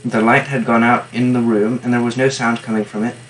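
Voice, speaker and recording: A man reading a novel aloud in steady first-person narration, stopping now and then for wry, offhand comments on the text. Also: medium pitch, brisk, poor audio. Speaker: reader and annotator.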